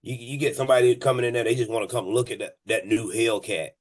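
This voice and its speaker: Animated, profane man telling stories. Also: medium pitch, quick pace. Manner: animated, profane, laughs mid-story; many restarts and repeated words. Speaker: moving company owner. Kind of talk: casual podcast storytelling.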